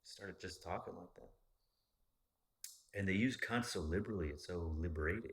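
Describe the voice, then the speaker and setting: A man chatting casually as a podcast host, rambling and swearing freely in an animated way. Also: low-pitched, normal speed, long pauses. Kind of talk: casual chat.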